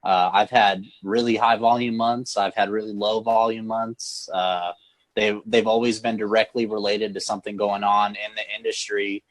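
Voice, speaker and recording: Low-voiced man on a video call. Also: flat delivery, normal speed, no echo. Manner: hesitant, repeats words while explaining. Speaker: phone screen refurbisher guest. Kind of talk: casual live-stream chat.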